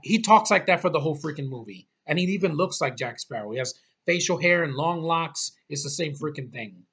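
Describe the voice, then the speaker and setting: A man with a somewhat high voice delivers a casual, exasperated rant. He is blunt and profane, and he rambles, restarting his sentences as he talks. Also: animated, fairly quick, a bit bright, husky. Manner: exasperated, blunt, repeats "freaking" and swears. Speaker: movie reviewer.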